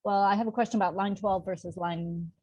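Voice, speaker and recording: A woman's voice: mid-range voice, steady tone, brisk, a little mellow, dull audio. A woman taking part in an online workshop over a video call, chatty and thinking aloud. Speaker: workshop participant. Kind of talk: casual discussion.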